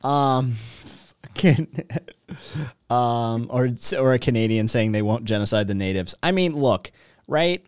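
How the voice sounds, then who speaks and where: A man's voice: mid-range voice, slow, a little mellow, clear, resonant tone, no echo, clean studio sound. A man co-hosting a casual livestream chat, sarcastic and profane, reading chat messages aloud. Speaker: co-host.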